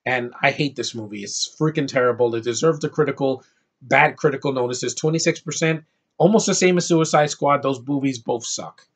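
A man's voice: mid-range voice, brisk, breathy edge. A man giving a blunt, profane, rambling film review rant. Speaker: movie reviewer.

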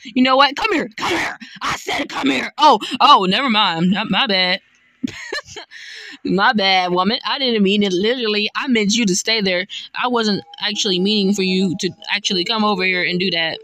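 A woman commentating her own gameplay, excitable, often yelling and laughing at the game. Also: mid-range voice, moderate pace, no room sound. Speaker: gamer. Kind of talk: let's-play gameplay commentary.

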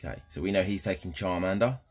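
Deep husky gaming host. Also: male voice, quick pace, faint music behind. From England. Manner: cheeky, banter-heavy, keeps addressing viewers. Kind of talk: casual let's-play commentary.

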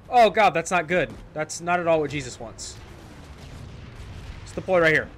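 Speaking at a normal speed with frequent pauses, a man with an expressive, somewhat high and slightly bright voice narrates his own gameplay as a streamer. He keeps it casual and jokey for his viewers, repeating phrases and swearing at setbacks. There's slight background noise.

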